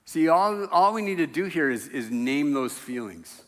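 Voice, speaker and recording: A man preaching a sermon in a church sanctuary, his bright, forceful voice carrying a long reverb from the hall. He talks in a loose, conversational way and drops in wry jokes at his own expense. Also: a little high, normal speed. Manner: conversational and animated, with self-deprecating humor. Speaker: pastor.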